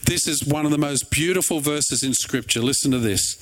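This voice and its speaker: Middle-aged pastor preaching, high voice, earnest but chatty, dry little jokes. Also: male voice, a little slow, long pauses, a bit bright. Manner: earnest and conversational, with wry asides. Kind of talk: sermon.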